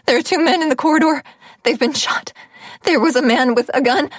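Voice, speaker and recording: A woman voicing a frightened young pregnant woman who pleads in a high, breathless voice. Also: fairly quick, dry recording, clean studio sound, natural voice. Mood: panicked.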